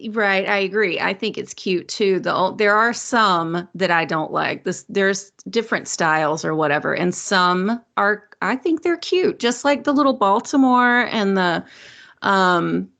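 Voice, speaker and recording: A woman with a Southern US accent talks casually on a podcast. She rambles and laughs often. Her mid-pitched voice has a gravelly fry. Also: measured pace, fairly bright tone. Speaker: podcast co-host. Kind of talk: casual chat.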